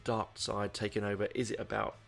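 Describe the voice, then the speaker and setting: A man's voice: fairly low pitch, flat delivery, brisk, gravelly, soft background music. A man hosting a podcast, rambling through a casual album review with many fillers and restarts. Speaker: podcast host.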